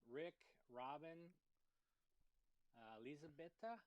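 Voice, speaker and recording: A man's voice: fairly high pitch, takes it slowly, no echo. A man co-hosting a casual livestream chat from a remote call, easygoing and joking. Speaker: co-host.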